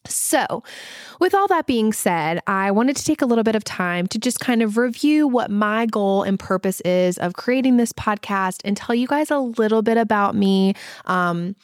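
A woman's voice: medium pitch, expressive, moderate pace, no room sound, clean studio sound. Chatty Southern woman in her thirties. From American South. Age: 30s. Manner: chatty, laughing, frequent ums and likes. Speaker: podcast host. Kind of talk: casual chat. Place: home, recording at night. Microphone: podcast microphone.

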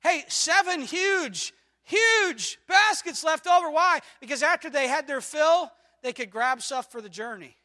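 A man preaching a sermon to a congregation, moving from low questioning to loud, emphatic declarations. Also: lively intonation, measured pace. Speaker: pastor.

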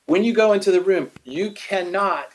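A middle-aged man in a casual faith conversation, animated, acting out quotes as he tells stories. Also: sits high, normal speed, poor audio.

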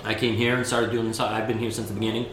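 A middle-aged man who runs a sake program and used to be a chef, telling animated stories in a casual interview, laughing often and restarting his sentences. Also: lowish voice, racing, background noise. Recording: roomy echo with faint ambience.

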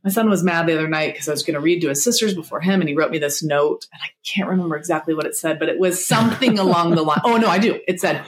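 A middle-aged woman talks in a relaxed podcast chat. She is animated and jumps up in pitch when she acts out what others said. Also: very fast, hardly any pauses. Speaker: guest therapist. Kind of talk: casual podcast conversation.

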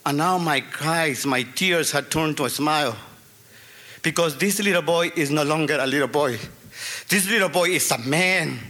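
A man's voice: high-pitched, pushed and bright. A middle-aged man telling a personal story before an audience, in an earnest, emphatic way that repeats key phrases.

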